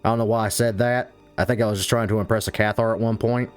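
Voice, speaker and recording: A man's voice: fairly low pitch, steady tone, quick pace, clear, resonant tone, faint music behind, natural voice. A man voicing a flippant, cowardly male lackey of a crime lord who babbles and stammers in a tabletop game. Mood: babbling.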